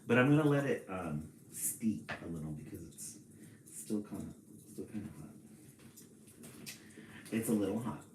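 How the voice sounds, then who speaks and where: A man reading a children's storybook on a live stream and chatting with viewers in a relaxed, chatty way. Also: on the low side, reverberant, slight background noise, rough recording. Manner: slow, relaxed, chatty with small laughs.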